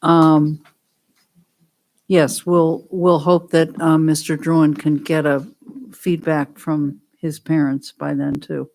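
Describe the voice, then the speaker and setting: Slow-speaking woman chairing a meeting. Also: sits low, flat delivery, creaky, darkish tone, a little hiss or hum. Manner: slow, halting, with frequent ums. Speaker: board chair running the meeting. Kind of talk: chairing a school board meeting.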